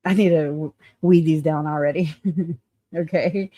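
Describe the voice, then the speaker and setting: A live-stream host talks casually and profanely, laughing and thinking out loud while digging through notes. The voice sits at a middle pitch and sounds dry and close to the mic, with no room echo. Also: fairly even intonation, unhurried.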